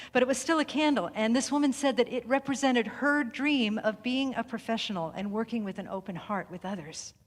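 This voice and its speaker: Woman preaching a story sermon, slow deliberate pauses, long hall echo around her. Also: fairly high pitch. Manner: measured, deliberate, with long pauses and softened phrases. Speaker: speaker at a spiritual center service. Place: sanctuary hall. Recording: reverberant hall recording.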